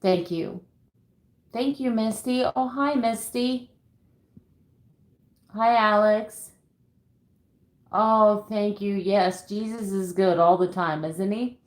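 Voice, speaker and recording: A middle-aged woman talks on a live vlog, candid and emotional, sighing between thoughts and warmly greeting viewers by name. Her voice sits at an ordinary middle pitch. The room around her gives a roomy echo. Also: slow, pauses often. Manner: emotional, earnest and openly candid; frequent sighs and fillers, warm greetings to viewers. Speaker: vlogger. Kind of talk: livestream chat, reading viewer messages.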